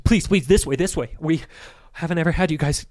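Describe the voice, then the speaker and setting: A man voicing a flustered middle-aged priest who runs an orphanage, stammering and pitched up. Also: animated, fairly quick, no echo, clean studio sound. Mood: apologetic.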